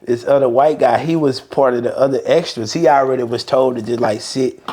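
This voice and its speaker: A man from Mobile with a Southern Alabama accent, guest on a podcast, telling a story in a casual, animated way and acting out the quotes with profane slang. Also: mid-range voice, fairly quick.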